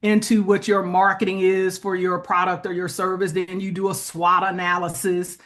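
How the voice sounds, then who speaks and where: A woman's voice: fairly low pitch, flat delivery, normal speed, a bit bright. A woman as an interview guest, explaining business funding plainly and checking in with "right?". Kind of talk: conversational interview.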